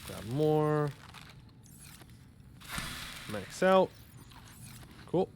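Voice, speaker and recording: A man's voice: fairly high pitch, very animated, extremely slow, gravelly, darkish tone, a little hiss or hum. Joking young man streaming a game. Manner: joking, rambling, bantering with chat. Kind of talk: casual gaming livestream commentary.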